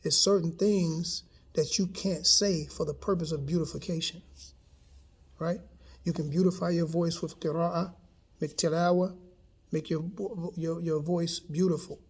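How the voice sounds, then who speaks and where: A man with a somewhat husky, slightly higher voice leads a relaxed lesson. He explains things patiently, stops often to make sure his listeners are following, and says key words slowly and clearly. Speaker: teacher. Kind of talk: casual lesson.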